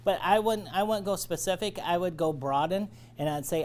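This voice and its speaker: A man's voice: high-pitched, moderate pace, a little hiss or hum. Male sales trainer, training lecture, coaching, conversational. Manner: coaching, checks in with "all right?".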